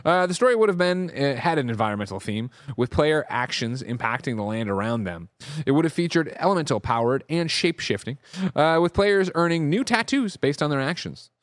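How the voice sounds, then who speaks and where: A man's voice: a little high, a little fast, dry recording, studio quality. A man co-hosting a gaming news show, reading reports aloud with casual asides. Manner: lively delivery, reads reports aloud with asides.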